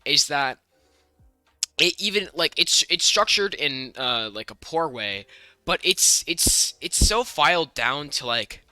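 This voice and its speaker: Young american guy on a podcast, really bright voice, dry close mic, talks in fast rambly bursts. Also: fairly high pitch, animated, no echo, faint music behind. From United States. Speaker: podcast co-host. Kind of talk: casual chat.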